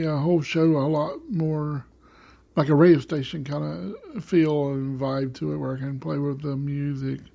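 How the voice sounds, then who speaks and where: A man's voice: on the high side, vocal fry, mellow. A man hosting his own show in a rambling, casual monologue full of fillers, on a home desk microphone. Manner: rambling, many fillers and restarts. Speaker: podcast host.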